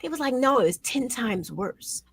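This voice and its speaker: A woman hosts a talk show and speaks with raw emotion. Her voice swings from intense, loud outbursts to hushed lows. The sound is dry and close. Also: lively intonation, normal speed, breathy edge, dry recording. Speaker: show host. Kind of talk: emotional commentary chat.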